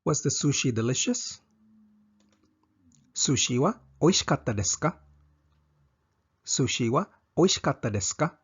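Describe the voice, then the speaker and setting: Guy teaching a lesson, raspy gravelly voice, says every example twice, kinda muffled lo-fi audio. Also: medium pitch, lively intonation. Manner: slow, repeats each example twice. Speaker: language teacher. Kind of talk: scripted language lesson.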